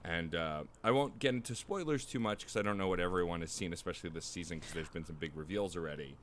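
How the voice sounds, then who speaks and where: A man co-hosting a casual podcast, upbeat and quick to laugh. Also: low voice, fairly bright tone, slight background noise. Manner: upbeat, laughs often, uses fillers. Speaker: podcast co-host.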